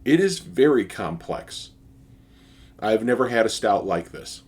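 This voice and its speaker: Casting note: man with a low, husky voice, host of an enthusiastic casual tasting vlog. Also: big pitch swings, measured pace, a little mellow. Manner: enthusiastic, with frequent fillers and restarts. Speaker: beer reviewer.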